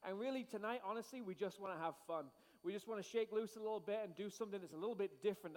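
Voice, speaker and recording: A man preaching as pastor, playful and rousing with a congregation in a large church. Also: high voice. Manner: playful, hyped crowd-rousing with shouted cues. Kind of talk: energetic sermon to a congregation. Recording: long hall reverb.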